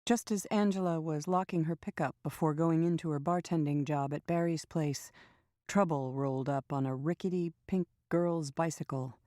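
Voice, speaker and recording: Woman audiobook narrator, low mellow voice, steady measured delivery. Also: no room sound, studio quality.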